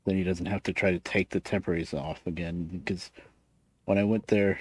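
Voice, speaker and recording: A man with a deep voice and a lisp streams a game, rambling casually and muttering to himself in a steady tone. He talks a little fast, and there is a slight hiss or hum in the recording.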